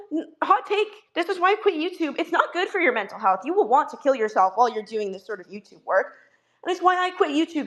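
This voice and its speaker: A woman giving a heated, profanity-laced callout rant as an online commentator, exasperated and blunt. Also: sits high.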